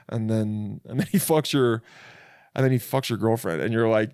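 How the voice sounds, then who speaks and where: A young man hosting a comedy podcast, riffing in a crude, rambling monologue that keeps stopping and restarting mid-thought. His voice sits at a medium pitch. The recording is close and dry, made from a bed in a rental apartment. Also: normal speed, a little mellow, smooth, no room sound. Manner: crude, self-interrupting, rambling. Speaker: podcast host.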